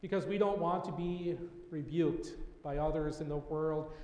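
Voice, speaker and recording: Earnest male preacher in an echoey hall. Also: a little high. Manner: earnest storytelling preacher, quiet dramatic pauses. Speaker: pastor. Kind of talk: sermon.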